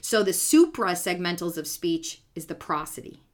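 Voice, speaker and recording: A woman's voice: on the low side, big pitch swings, moderate pace. Teacherly woman in easy podcast chat. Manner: patient, teacherly, playful. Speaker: podcast co-host and speech-language pathologist. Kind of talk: casual explanatory chat.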